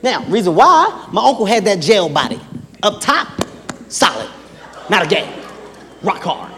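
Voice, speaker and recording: A man doing a stand-up comedy routine, telling exaggerated stories with shouted punchlines. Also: high-pitched, big pitch swings, a little slow. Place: large performance hall. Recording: reverberant hall, faint background noise.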